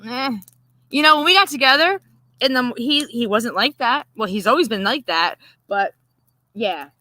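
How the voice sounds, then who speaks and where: Woman livestream host, crisp bright tone, swears freely, dry close sound. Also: fairly high pitch, expressive, moderate pace, no echo, poor audio. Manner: rambling, profane and laughing. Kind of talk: casual late-night chat.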